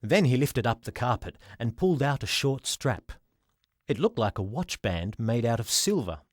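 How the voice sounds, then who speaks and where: Man reading a storybook, lively delivery. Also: medium pitch, normal speed, no room sound, clean studio sound. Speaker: audiobook reader. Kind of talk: storybook narration.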